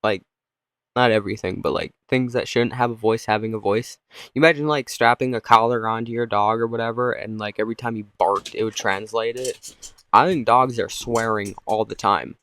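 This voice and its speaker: A man's voice: on the low side, fairly even intonation, a little fast, fairly bright tone, no room sound. A man hosting a podcast, rambling through goofy comic ideas with frequent laughs. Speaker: podcast host. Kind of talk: casual rambling comedy monologue.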